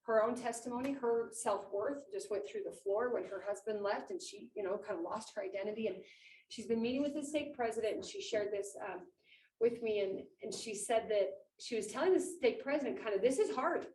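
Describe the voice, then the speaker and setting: A woman giving an inspirational talk at a conference, animated and acting out quotes, in a meeting room with about twenty people. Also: mid-range voice, brisk. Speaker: conference speaker. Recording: echoey room, mic far off, faint noise.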